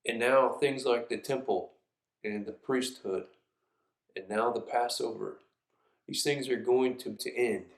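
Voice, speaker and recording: A man's voice: medium pitch, fairly even intonation, unhurried, vocal fry. Earnest male preacher in an echoey room. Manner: earnest and reflective, reads scripture aloud. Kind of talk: sermon. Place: church sanctuary.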